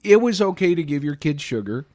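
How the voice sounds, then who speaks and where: A man's voice: a little high, sing-song, a little fast, darkish tone, no echo, clean studio sound. A middle-aged man co-hosting a casual chat show, telling rambling stories and acting out bits of dialogue. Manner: rambling storyteller, acts out voices. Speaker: podcast co-host.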